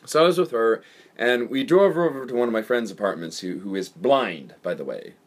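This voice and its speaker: Animated rambling man storyteller. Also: medium pitch, fairly quick. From United States. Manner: rambling, animated, swears freely, lots of fillers. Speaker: podcast storyteller. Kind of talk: casual storytelling.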